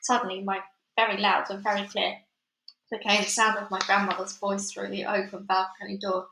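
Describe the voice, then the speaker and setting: A woman's voice: mid-range voice, level tone, moderate pace, vocal fry, bright, forceful tone, a little hiss or hum. A woman reading a children's novel aloud, then signing off in a chatty way to her listeners. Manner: chatty, informal sign-off. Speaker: storybook reader. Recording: echoey room.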